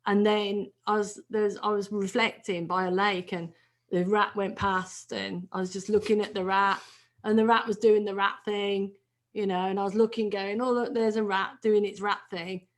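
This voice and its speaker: A woman's voice: mid-range voice, little pitch movement, normal speed. A woman in a casual group conversation, telling a personal story reflectively and restarting her phrases often. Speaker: regular discussion member.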